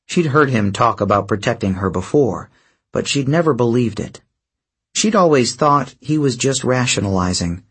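Male audiobook narrator, steady, measured, husky, mid-pitched. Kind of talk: scripted narration.

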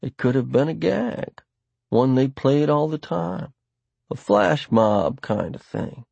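Narrator doing a jumpy scheming bus guy, talks himself into it, husky and dry. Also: medium pitch, takes it slowly, no room sound, muffled recording, pitched above the performer's own voice, full character voice. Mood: reasoning. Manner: talking himself into a calm excuse. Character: anxious, scheming male bus passenger. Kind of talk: audiobook character voice.

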